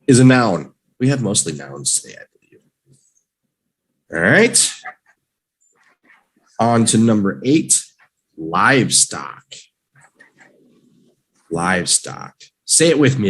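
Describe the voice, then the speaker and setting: A man teaching English vocabulary in a live online lesson, drilling each word slowly and cheering learners on playfully. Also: fairly low pitch, husky, poor audio.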